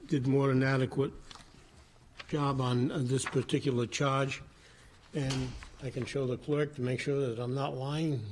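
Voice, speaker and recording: A man's voice: mid-range voice, darkish tone, a little hiss or hum. A man serving as a city councilman, explaining his vote in a plain, direct way with some hesitation. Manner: plain and direct, halting with fillers. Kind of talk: council debate remarks. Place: council chamber.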